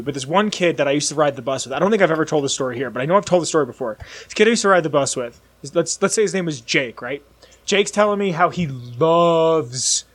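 High-voiced excitable young man telling a story. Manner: excitable, rambling, acts out voices in his stories. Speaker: podcast co-host. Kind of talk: casual chat, animated storytelling.

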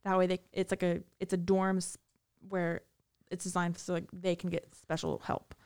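Woman guest, vocal fry, rambling storyteller with lots of fillers. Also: on the low side, little pitch movement, normal speed, a little mellow. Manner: rambling, many fillers and restarts. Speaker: guest recounting prison time. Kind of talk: casual storytelling.

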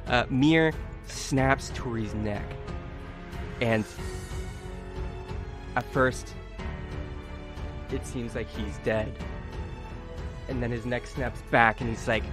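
A man narrating as game master in a tabletop game, animated and often laughing. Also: medium pitch, takes it slowly, pauses often, over music.

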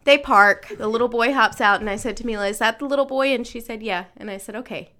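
Here a woman in her thirties co-hosts a podcast, her slightly high voice fast, pushed and bright. She chats casually through a personal story, performing the voices of the people she quotes.

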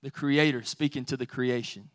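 A man's voice: mid-range voice, steady tone, moderate pace. A man preaching a sermon as pastor, talking conversationally and building to emphatic declarations.

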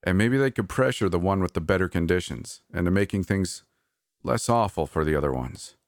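Man reading a frantic male boss, very deep voice, dry read. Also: animated, dry recording. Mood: hushed. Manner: hushed, halting and pleading. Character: anxious, desperate adult male manager. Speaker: park manager.

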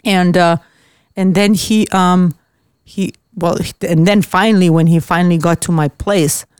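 A woman's voice: on the low side, a little slow, clean tone, no echo, studio quality. Blunt, swearing woman from Austria telling stories. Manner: blunt, swears freely, animated storytelling. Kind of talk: casual chat.

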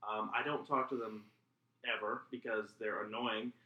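A man's voice: on the low side, fairly even intonation, moderate pace, roomy sound, lo-fi sound. A man co-hosting a podcast, chatting casually in a sarcastic, exasperated way. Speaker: podcast co-host. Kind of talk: casual chat.

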